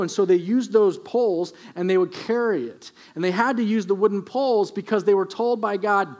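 A middle-aged man preaching a sermon and retelling Bible stories in an animated, humorous way. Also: sits high, moderate pace, few pauses. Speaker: pastor. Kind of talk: storytelling sermon.

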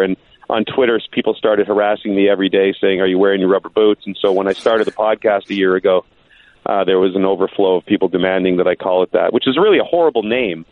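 A man's voice: fairly low pitch, dry recording. A male sportscaster calling into a podcast as a guest and telling a story with jokes. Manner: joking storyteller. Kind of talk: phone-in podcast chat. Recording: tinny phone line.

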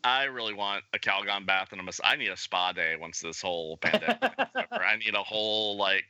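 A man's voice: on the low side, sing-song, fairly quick, bright, forceful tone, clean tone, dry recording. A man co-hosting a podcast, joking and bantering casually. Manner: jokey, self-mocking. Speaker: podcast co-host.

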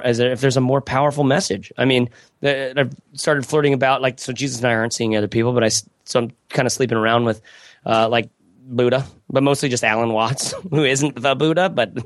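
A man's voice: mid-range voice, brisk, no room sound, studio quality. A man speaking as a podcast guest in casual conversation, rambling and reflective with many restarts and asides.

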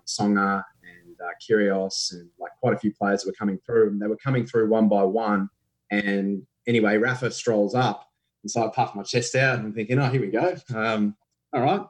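Chatty man telling a story. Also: lowish voice. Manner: animated, chatty, many fillers. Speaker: impressionist guest. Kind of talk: casual podcast storytelling.

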